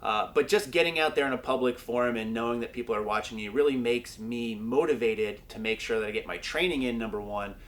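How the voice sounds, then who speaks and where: Speaking at medium pitch, a young powerlifting vlogger keeps a brisk pace with few pauses and a slightly bright tone. His training-vlog chatter is easygoing and full of jokes, with an occasional curse.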